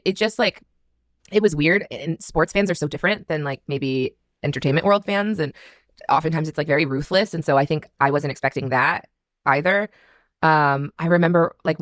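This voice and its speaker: A woman's voice: low-pitched, no room sound, studio quality. A woman in her thirties answering an interview, telling a candid story with many "like"s. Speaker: interview guest.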